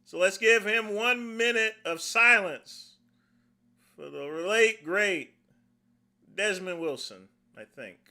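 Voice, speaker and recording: Man, middle-aged, livestream host, high-pitched, bright, folksy rambling commentary. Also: slow pace.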